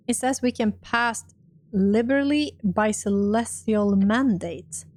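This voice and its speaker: A woman's voice: medium pitch, takes it slowly. Laughing woman streamer reading game text. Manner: animated, swears and laughs at failures. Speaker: gaming streamer.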